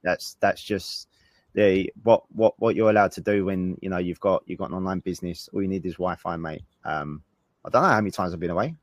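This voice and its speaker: A man's voice: deep voice, fairly quick, dry recording. A man co-hosting a live webinar, answering viewer questions in a blunt, laid-back way. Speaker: co-host.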